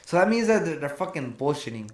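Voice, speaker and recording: A man's voice: fairly high pitch, big pitch swings, quick pace, darkish tone. Male podcast guest, slangy and profane, roomy echo on the voice. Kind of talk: casual chat.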